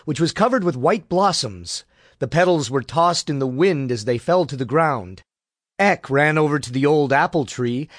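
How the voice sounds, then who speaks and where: A man narrates a children's story at an even, measured pace. His voice sits a little high and moves a lot in pitch. The recording is dry and close. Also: no room sound. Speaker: audiobook narrator. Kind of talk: scripted narration.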